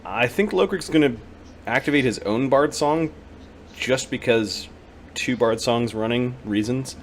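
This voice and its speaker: A man's voice: mid-range voice, unhurried, a little hiss or hum. A man acting as game master, narrating a tabletop game and working through rules, with many fillers.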